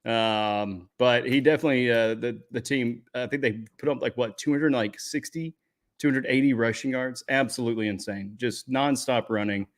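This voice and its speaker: A man's voice: medium pitch, steady tone. Easygoing man talking football stats. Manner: laid-back, filler-heavy, unhurried. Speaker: fantasy football podcast co-host. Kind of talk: casual sports chat.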